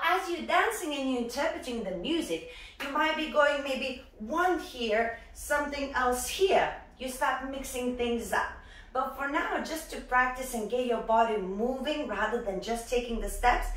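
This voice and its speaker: A young woman teaching a dance lesson in an upbeat way, counting the beats out loud. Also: fairly high pitch. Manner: lively, counts beats aloud. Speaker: dance instructor. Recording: echoey room from far off.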